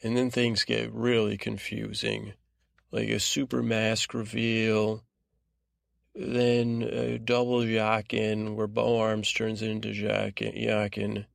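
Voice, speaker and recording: A man's voice: lowish voice, monotone, takes it slowly, gravelly, no room sound, studio quality. A man hosting a sleep podcast, giving a meandering, rambling bedtime recap that drifts off track. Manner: rambling, digressive, trailing off.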